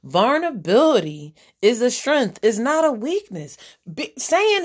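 A woman's voice: fairly high pitch, big pitch swings, unhurried. A woman hosting a podcast, giving a general spiritual reading as a blunt, profane pep talk that repeats its key lines.

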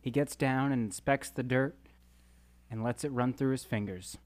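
A person reading stage directions for a comedy sketch in a measured way. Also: mid-range voice, no room sound. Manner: measured narration.

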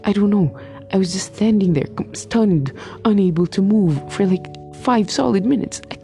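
A woman's voice: mid-range voice, creaky, warm tone. A woman in her twenties, a medical student, telling a story in a casual vlog, rambling and emphatic with many fillers and restarts.

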